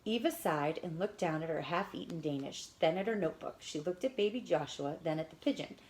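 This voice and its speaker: A woman reading a children's picture book aloud in an expressive, lively storytelling manner. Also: sits low, brisk. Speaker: storybook reader.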